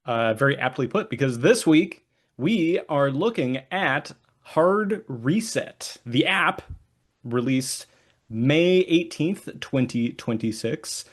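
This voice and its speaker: A man's voice: medium pitch, expressive, slow. A man hosting a podcast, playful and hammy, leaning on lots of filler words between jokes. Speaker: podcast host. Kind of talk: casual podcast chat with jokey scripted intro.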